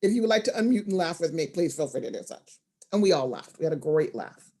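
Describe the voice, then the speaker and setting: A woman presenting an online storytelling workshop over a video call, expressive and animated, moving from hushed asides to loud emphasis. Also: sits low, quick pace.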